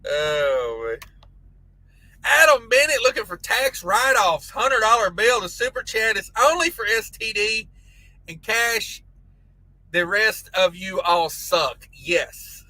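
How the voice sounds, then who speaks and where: A man's voice: high voice, big pitch swings, slow pace, pushed and bright, no room sound, poor audio. A man hosting a casual trucking live stream, reading chat messages aloud with crude jokes and frequent laughter. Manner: crude joking banter, laughs often.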